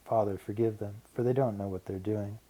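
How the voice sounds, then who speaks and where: A man voicing a solemn, gentle teacher in a Bible story. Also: lowish voice, fairly even intonation, a little fast, close to an everyday voice.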